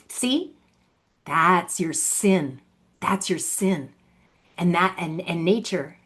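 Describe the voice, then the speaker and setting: A woman's voice: lowish voice, husky. A woman speaks straight into the camera in a solo vlog, her tone accusatory and sarcastic. She repeats her points and mocks the person she addresses. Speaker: vlogger. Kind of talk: direct-to-camera monologue.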